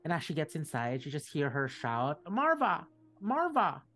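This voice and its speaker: A man's voice: mid-range voice, steady tone, brisk, a bit bright, faint music behind. A man narrates a tabletop game as its game master. He rambles, stops and restarts, and fills his sentences with ums and uhs. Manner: rambling with many fillers.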